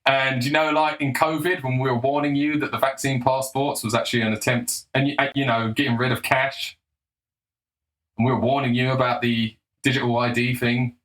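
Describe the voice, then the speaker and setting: A man's voice: medium pitch, flat delivery, brisk, a bit bright, rough recording. A young man giving a blunt, combative, sarcastic opinion monologue, swearing freely. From England. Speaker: political commentator.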